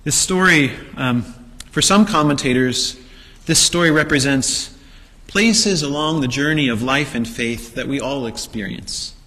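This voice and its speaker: With a bright, forceful, mid-range voice at a measured pace, a preacher delivers a sermon, vividly retelling the story with rhetorical questions and performed quotes. Long reverb makes him ring as if in a large hall.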